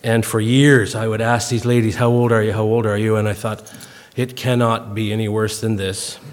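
A man in his fifties, a guest speaker telling self-deprecating stories to a congregation in a folksy, comic way, clearing his throat now and then as he recovers from a cough. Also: mid-range voice. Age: 50s. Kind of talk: humorous storytelling talk to a congregation. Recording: long hall reverb.

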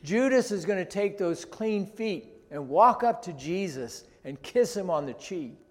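Male pastor, slow measured sermon delivery, slightly high voice, echoing hall. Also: expressive, darkish tone. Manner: slow, deliberate preaching with rhetorical questions. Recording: long reverb in a large hall.

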